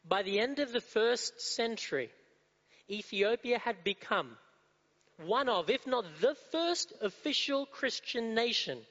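This sermon comes from an animated male preacher, his fairly bright voice pitched high for a man and paced in a measured way. He drives points home with repetition and rhetorical questions to the congregation, and the muffled, dull audio carries a long reverb through a hall.

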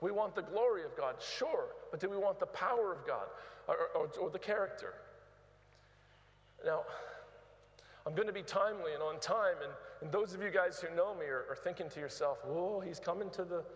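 A man's voice: high voice, expressive, moderate pace. A man preaching a sermon as a guest speaker in a large church, emphatic and prodding the congregation, often repeating words as he goes. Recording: reverberant big church hall.

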